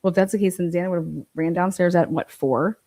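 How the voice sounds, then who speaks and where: Profane, incredulous woman with a mellow voice. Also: on the low side, quick pace. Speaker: true crime commentator. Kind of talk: livestream commentary.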